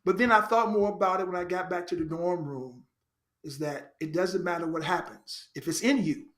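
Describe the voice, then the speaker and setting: A man from Chicago, a podcast guest, telling his life story in an earnest, animated way and repeating phrases for emphasis. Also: sits high, moderate pace. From Chicago, United States. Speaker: podcast guest, actor and writer. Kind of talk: reflective personal storytelling.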